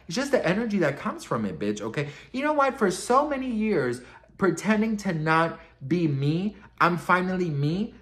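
A man's voice: a little high, a bit bright. Sassy man vlogging celeb gossip, dramatic, swears a lot, calls everyone best friend, total oversharer. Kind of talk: animated celebrity gossip chat.

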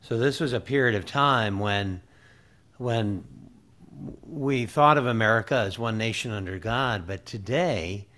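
A man hosting an interview, putting his guest's story in context in a measured, thoughtful way. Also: on the low side, pushed and bright. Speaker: interview host.

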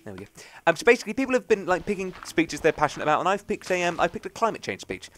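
A man's voice: high voice, big pitch swings, racing, fairly bright tone, slight background noise. A young man rambling chattily through let's play commentary, often poking fun at himself. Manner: rambling, chatty, self-mocking. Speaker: gaming channel host.

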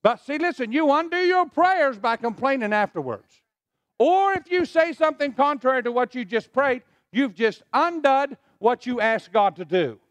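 Male pastor, middle-aged, high animated delivery, call-and-response sermon, dry close sound. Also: normal speed, dry recording. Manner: preaching with call-and-response to the congregation. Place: church sanctuary.

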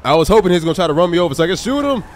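A playful male streamer with a rather high voice, joking through a police game and thanking his chat. Faint noise hums under the talk. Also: expressive, rapid-fire. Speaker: gaming livestreamer. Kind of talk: live game commentary and chat shout-outs.

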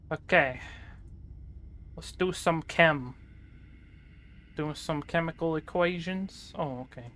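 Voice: medium pitch, a bit bright. A gaming channel host talking through a horror game playthrough, chattering nervously and breaking into panicked yelps.

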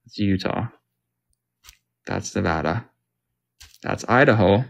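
Man from Canada, unhurried, puzzled self-talk over a game; mouse clicks behind. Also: on the low side, creaky. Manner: confused, self-talking, joking. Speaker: gamer. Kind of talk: casual gaming commentary.

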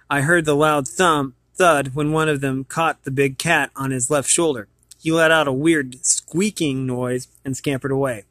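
A man's voice: on the high side, a bit bright, no room sound. A man reading a children's book aloud as host of his channel, hesitant, with many fillers and repeated words.

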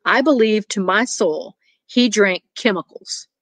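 A woman's voice: medium pitch, measured pace, a bit bright, no echo. A woman reading as a scolding Southern mother. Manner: indignant, scolding. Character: stern heavyset Southern mother, quick to scold.

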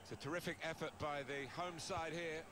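A man voicing a video game's football play-by-play commentator, calm and measured. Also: on the high side. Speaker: in-game match commentator.

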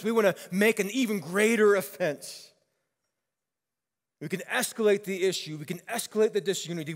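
A male pastor preaching a sermon, conversational and animated, telling stories and acting out quoted lines. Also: high-pitched, in a large hall.

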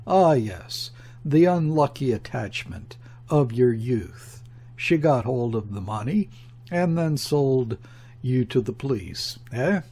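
A condescending, cynical embassy official, voiced by a male reader, speaks with grim mockery and a cutting edge. His delivery is slow and unhurried, and the voice carries a husky grain. It is an audiobook character read from a novel. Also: mid-range voice, animated, heavily acted. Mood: scornful. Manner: sharp, grim, sneering. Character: mocking condescending male embassy first secretary.

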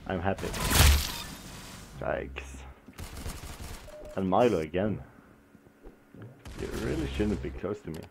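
A man's voice: low-pitched, animated, takes it slowly, vocal fry, long pauses, background noise. A man streaming a shooter game, chatting casually and whooping when he scores kills. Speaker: gaming streamer. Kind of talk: casual gameplay commentary. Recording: game music and gunfire behind.

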